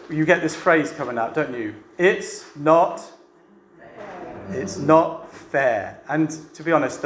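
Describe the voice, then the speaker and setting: A man's voice: a little high, a little hiss or hum. A man preaching a sermon to a church meeting in a chatty way, often asking the room rhetorical questions. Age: adult with a family. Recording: echoey room with faint ambience.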